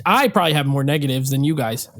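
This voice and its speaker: A man on a podcast giving his take on a film in a measured, thinking-aloud way. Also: mid-range voice, lively intonation, no echo, clean studio sound. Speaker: podcast guest. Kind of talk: casual movie review chat.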